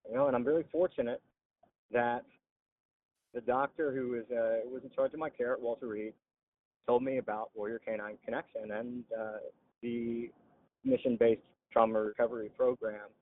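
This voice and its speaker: A man's voice: medium pitch, steady tone, moderate pace, pauses often, no echo, phone-quality sound. A man telling his own story in an interview, frankly and plainly, with frequent "uh" and "you know". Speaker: interviewee, veteran and dog trainer. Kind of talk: candid personal storytelling.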